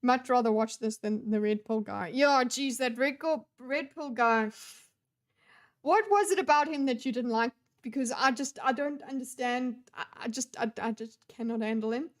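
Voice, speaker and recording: A young adult woman talks over a video she is watching. Her voice sits a little on the high side. She is blunt and exasperated, and she swears freely as she reacts. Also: moderate pace. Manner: blunt, profane, exasperated ranting. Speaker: streamer reacting to a debate video. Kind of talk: casual reaction commentary.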